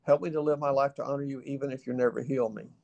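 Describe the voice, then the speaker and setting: A middle-aged Southern man, appearing as an interview guest, tells a personal story in a folksy, animated way and acts out the quoted dialogue. His mid-range voice is fast and gravelly, and the high frequencies are cut off.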